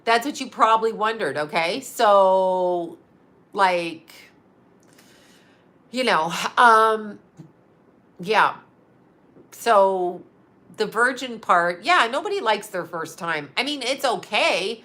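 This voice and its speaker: A woman's voice: medium pitch, lively intonation, slow, long pauses, bright, forceful tone. A middle-aged woman host in a candid casual chat, frank and bawdy, laughing often as she tells stories. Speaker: psychic medium and channel host.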